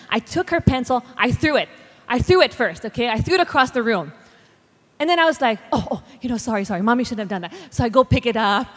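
A high, bright-pitched woman in middle age tells a candid personal story to parents. Her voice trails off into a long hall reverb. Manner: earnest and candid, retelling with quoted speech. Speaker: speaker at a Christian parenting talk. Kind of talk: personal testimony talk.

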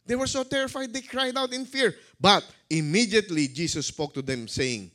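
A male pastor preaching a sermon, dramatic, swinging between loud calls and hushed words. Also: sits high, animated, moderate pace, few pauses.

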